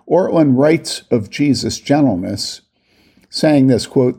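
A man reading aloud a critique of a theology book, slowly reading out long quotations and marking each quote. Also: medium pitch, gravelly, warm tone, slightly rough. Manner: reads quotations slowly and deliberately, voicing each quote mark.

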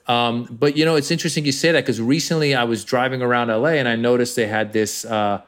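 An American man, a comedian, talking in an interview at a middling pitch. He tells his stories animatedly, jumping into other voices along the way. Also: fast. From United States. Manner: animated storyteller, acts out voices. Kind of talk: interview conversation.

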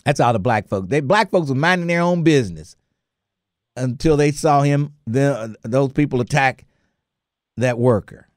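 A man hosting a talk radio show, telling stories in a lively, chatty way and laughing often. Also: medium pitch, moderate pace, no room sound, clean studio sound. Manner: animated storyteller, laughs often. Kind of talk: casual talk radio chat.

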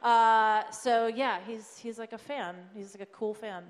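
A woman's voice: a little high, steady tone, measured pace. Chatty woman on a hall panel. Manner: chatty, many likes and ums, laughs often. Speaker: comedy show co-creator on a panel. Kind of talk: casual panel talk.

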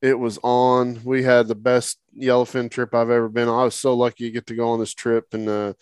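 A man's voice: mid-range voice, flat delivery, a little fast, clean tone, no room sound. A man hosting a casual podcast chat, asking easygoing questions. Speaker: podcast host.

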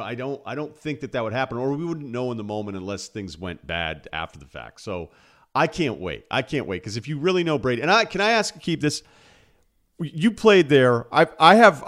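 A man's voice: mid-range voice, fairly bright tone. A man from New England talking football as a podcast guest, rambling through stories and acting out quoted asides. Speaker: guest analyst. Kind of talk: casual sports talk.

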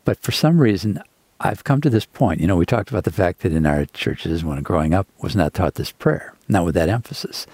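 A man's voice: deep voice, expressive, fairly quick, a little mellow, breathy edge, no room sound. A man co-hosting a faith podcast, reflective and candid, thinking aloud about his questions. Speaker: co-host. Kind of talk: conversational podcast talk.

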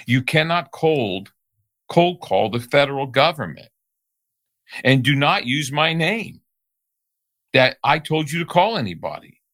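A man's voice: mid-range voice, very animated, measured pace, pauses often, a bit bright. A man voicing a curt male federal training officer who gives firm warnings. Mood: stern. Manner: stern, warning.

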